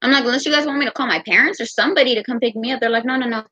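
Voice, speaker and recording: A young American woman telling a personal story in a casual, profane, animated way. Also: fairly high pitch, racing. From United States. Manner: profane, animated, quotes others in her own voice. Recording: dull lo-fi sound.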